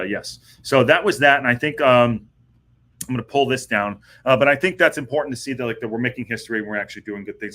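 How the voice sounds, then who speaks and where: On a live football podcast, a man chats casually in live-stream style, rambling with many fillers and restarts. He speaks on the low side, with a slightly bright voice.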